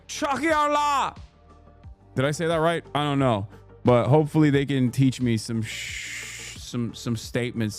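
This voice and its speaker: A man hosting a livestream, talking casually to his chat in a rambling, heated and jokey way. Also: medium pitch. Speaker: livestream host.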